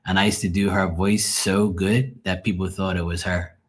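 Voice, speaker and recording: Here a Bermudian-accented man streams live as a tarot reader, his husky voice sitting low with little pitch movement at a moderate pace. He rambles casually, curses without restraint and laughs a lot.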